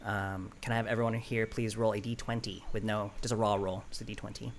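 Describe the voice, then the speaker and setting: A man narrating as game master of a tabletop game in a relaxed, rambling way, with many fillers. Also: fairly low pitch, fast talker, a little hiss or hum.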